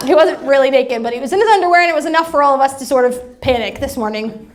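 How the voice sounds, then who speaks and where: A woman's voice: sits high, animated, quick pace, noisy background. A woman pastor giving a sermon, telling humorous family stories in a chatty way. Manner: chatty, humorous anecdotes with acted-out quotes. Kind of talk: sermon storytelling.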